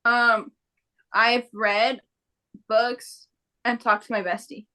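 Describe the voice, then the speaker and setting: A young woman joining a casual podcast chat with short, low-key replies. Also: little pitch movement, takes it slowly, bright, forceful tone. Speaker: podcast guest.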